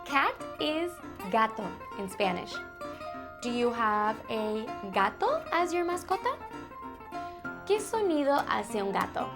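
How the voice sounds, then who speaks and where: Animated sing-song woman teaching toddlers. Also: fairly high pitch, over music. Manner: slow, animated, sing-song and coaxing, addressing small children. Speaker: children's Spanish teacher host. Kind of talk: bilingual toddler lesson.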